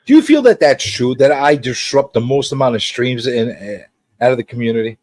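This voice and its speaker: Animated, teasing male livestream host. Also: fairly quick, dry recording. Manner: animated and teasing, jumps between high and low. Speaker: host of a pop culture livestream show. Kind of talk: casual livestream chat.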